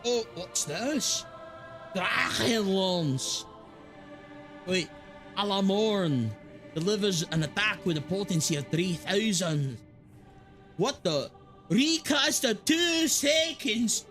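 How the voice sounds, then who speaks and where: A high-voiced man from the Philippines chatters away while he plays a game live. He speaks slowly and drawls, and gets loudly excited whenever he reads out the game's text. Game music plays clearly behind him. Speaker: game streamer. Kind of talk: casual live-stream chatter while playing.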